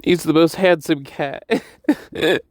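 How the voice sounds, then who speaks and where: A man telling a personal story, laughing often and halting to repeat himself. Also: fairly high pitch, fairly even intonation, no room sound, clean studio sound. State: breathless and dizzy.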